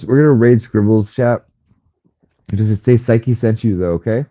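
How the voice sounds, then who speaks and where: Speaking a little slowly in a mellow voice, a livestream host chats casually with his viewers from home. He rambles, stays chatty, and switches to a high baby voice to coo at his cat. The headphone mic comes through slightly muffled.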